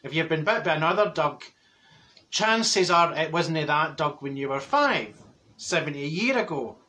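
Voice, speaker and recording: A man's voice: a little high, expressive, moderate pace, sharp tone. A man playing a cheeky, blunt older woman from Glasgow with a Glaswegian accent, rambling through a gossipy comic monologue and laughing at his own jokes.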